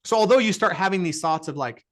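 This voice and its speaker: Brief: middle-aged male podcast guest, pitched a bit high, earnest and emphatic. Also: expressive, fast talker, fairly bright tone. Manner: earnest, emphatic, repetitive phrasing. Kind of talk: motivational interview talk.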